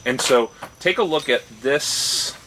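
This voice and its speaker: A man's voice: medium pitch, slow, a bit bright, slight background noise, poor audio. A man co-hosting a casual discussion show, talking thoughtfully and often checking in with "right?". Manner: thoughtful, restarts phrases, rising "right?" checks. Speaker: podcast co-host.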